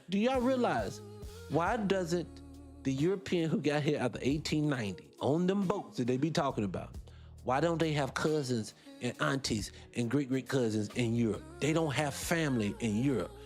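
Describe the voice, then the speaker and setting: A man hosting a radio talk show, arguing his points in an animated, rhetorical way and repeating himself for emphasis. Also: medium pitch. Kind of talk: opinionated solo radio talk.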